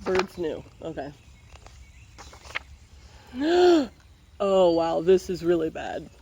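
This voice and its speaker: A woman's voice: on the low side, sing-song, very slow, warm tone, highs cut off, a little hiss or hum. A woman reading a picture book aloud, breaking off for playful, wry running commentary.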